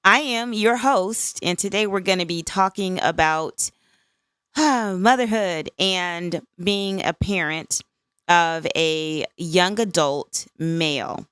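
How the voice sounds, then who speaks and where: Woman, 50s, podcast host: low, smooth voice, dry close sound, candid and conversational. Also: slow, fairly bright tone, no room sound. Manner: candid, conversational, frequent "right?" asides. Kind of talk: solo podcast reflection.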